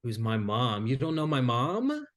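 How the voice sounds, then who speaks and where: A man voicing a strange, quiet boy who speaks in a soft, hesitant way. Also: mid-range voice, wildly swooping pitch, measured pace. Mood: plaintive. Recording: faint music behind.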